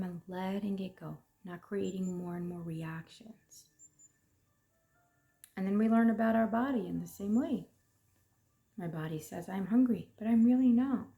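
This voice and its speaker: A woman coach speaks in a soft, reflective way, asking gentle rhetorical questions and sometimes dropping almost to a whisper. Her voice has a gravelly edge, and the tone is dark and mellow. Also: medium pitch. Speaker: emotions coach.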